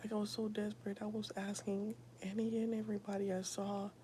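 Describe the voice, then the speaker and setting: A young woman giving a whispered personal testimony, soft and halting, with a gravelly edge. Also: medium pitch, little pitch movement, a little hiss or hum. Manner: soft, often whispered, halting with many fillers. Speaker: streamer sharing a personal testimony.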